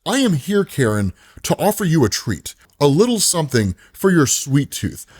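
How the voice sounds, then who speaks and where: A guy putting on a creepy smooth ice cream man, drawls low and slow like he's toying with you. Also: big pitch swings, a little mellow. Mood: menacing. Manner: slow, low, teasing delivery.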